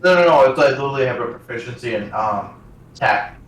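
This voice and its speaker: A man's voice: mid-range voice, lively intonation, fairly quick. A man playing a tabletop game, plotting schemes hesitantly with many fillers. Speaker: player. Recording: very echoey room, far from mic, faint noise.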